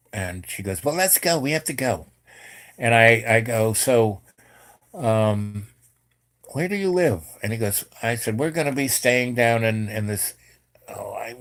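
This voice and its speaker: A middle-aged man telling a long personal story in a rambling, casual way, with many fillers and restarts. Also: lowish voice. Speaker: host.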